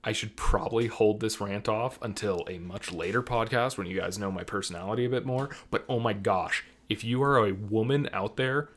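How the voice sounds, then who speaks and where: A young man chats on a podcast in a slightly low voice. He rambles and restarts, stacking fillers, and gets animated as his rant builds. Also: normal speed, few pauses, slight background noise. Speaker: podcast co-host. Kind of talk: casual podcast chat.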